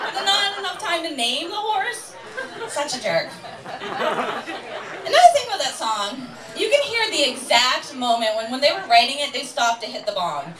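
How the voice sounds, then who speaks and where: A high-voiced woman performs a sarcastic, crude stand-up set. She is recorded from a distance in a roomy club, and a lively audience is heard around her. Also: fairly quick, some chatter behind. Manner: loose, sarcastic, crude punchlines. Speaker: stand-up comedian. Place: comedy club stage with a live audience.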